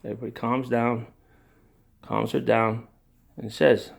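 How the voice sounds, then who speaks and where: A man's voice: medium pitch, flat delivery, unhurried, gravelly. An older man telling a personal family story in a rambling, digressive way, with sighs, restarts and emotion. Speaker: narrator of his own family story.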